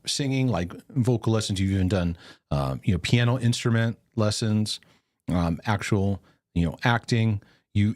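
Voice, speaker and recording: A middle-aged man with a fairly low voice chats casually as host. He talks in halting bursts, restarting phrases and doubling up words as he goes. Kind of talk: casual family chat.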